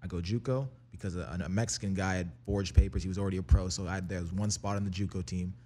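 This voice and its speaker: A young man from Canada, a guest telling his life story in a casual, energetic and profane way. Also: low voice, fast talker, a little hiss or hum. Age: young adult. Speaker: interview guest, rapper.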